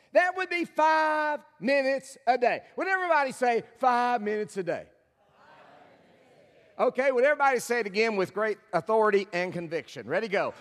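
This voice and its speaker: In a church sanctuary, a man preaching as a guest delivers a folksy, funny sermon and gets the congregation to echo his words in call and response. His very high voice is bright and forceful, carried by long church hall reverb.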